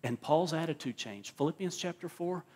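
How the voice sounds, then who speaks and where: A man's voice: on the high side, lively intonation, normal speed, dark tone, breathy edge. A male pastor preaching a sermon at a church service, emphatic and repeating words as he drives his points home.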